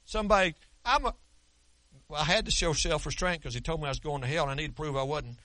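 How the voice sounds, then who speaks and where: A man's voice: fairly high pitch, quick pace, sharp tone. A man, preaching a sermon as pastor in a folksy, storytelling way with touches of humor. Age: 60s.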